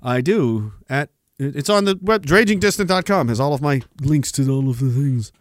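A man's voice: medium pitch, expressive, normal speed, no echo, clean studio sound. A man hosting a podcast, ranting sarcastically and with a lot of profanity while reading out messages. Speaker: podcast host.

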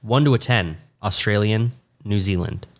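A man's voice: fairly low pitch, normal speed. A young man, co-hosting a podcast in casual chat, laughing often and rambling with restarts. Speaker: podcast co-host.

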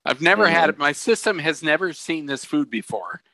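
Bright, crude storytelling man. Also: a little high, animated, fairly quick. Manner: crude, profane comic storytelling. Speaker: podcast co-host. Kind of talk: casual chat.

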